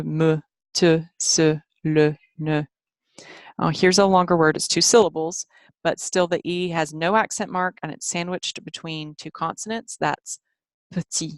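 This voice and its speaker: Slow, low-voiced woman teaching phonics. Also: vocal fry, no room sound. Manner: patient, slow, repeats sounds for learners. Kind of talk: screen-share phonics lesson.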